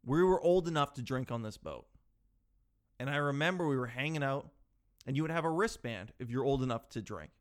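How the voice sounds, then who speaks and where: A man in his twenties telling comic stories about his life, animated, jumping from loud yells to low mumbled asides. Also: brisk. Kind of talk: comedic storytelling.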